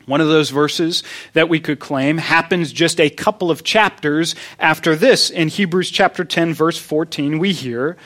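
A man's voice: on the high side, measured pace, fairly bright tone. A man preaching a sermon, teaching earnestly and repeating key points for emphasis. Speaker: pastor.

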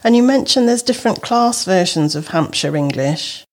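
A woman's voice: mid-range voice, lively intonation, moderate pace, a little mellow. A woman interviewing on radio, asking short curious questions.

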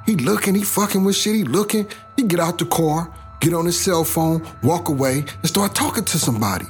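A man's voice: on the high side, animated, brisk, soft background music. A middle-aged man from South Los Angeles telling his own life story in a blunt, profane, casual way.

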